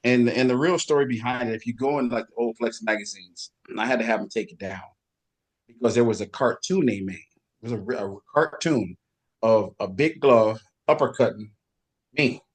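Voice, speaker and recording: A middle-aged man, a guest bodybuilder, telling lively backstage stories and imitating other people's voices in casual chat. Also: mid-range voice, moderate pace. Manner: animated storyteller, does voices of others. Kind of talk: casual storytelling.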